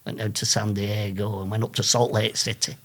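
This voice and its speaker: A man from England, a guest telling lively anecdotes in an interview and laughing often. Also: on the low side, a little fast. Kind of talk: storytelling in an interview.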